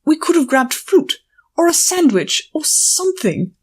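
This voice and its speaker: A woman's voice: sits high, big pitch swings, a little slow, pitched above the performer's own voice. A woman voicing a prim, irritable scholarly unicorn pony who scolds her friend in an audiobook. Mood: exasperated. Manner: clipped, exasperated, scolding. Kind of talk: audiobook character voice.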